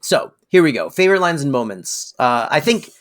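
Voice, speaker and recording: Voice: mid-range voice, big pitch swings, normal speed. A podcast co-host in casual chat, with wry, self-deprecating banter.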